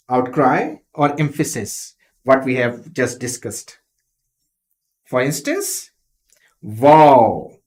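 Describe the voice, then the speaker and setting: A teacher giving an online exam-prep lesson, explaining step by step and acting out the example sentences with expression. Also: mid-range voice. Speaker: English teacher.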